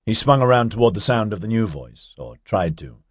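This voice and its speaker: A man narrating a novel in a steady, wry storytelling manner. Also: lowish voice, a little fast, husky, no echo, clean studio sound. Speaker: audiobook narrator. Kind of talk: scripted narration.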